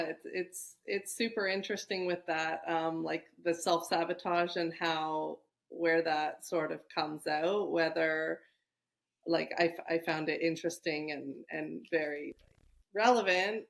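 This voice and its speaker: A woman's voice: sits low, steady tone, slow, gravelly. A woman guest in a podcast interview, speaking reflectively with frequent restarts. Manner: reflective, many restarts and fillers. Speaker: guest entrepreneur. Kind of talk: conversational interview.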